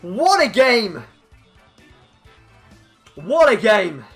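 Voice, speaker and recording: A man giving excitable live commentary over his own competitive video game battle. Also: sits high, very slow, creaky, faint music behind. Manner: excitable, hyping up big plays.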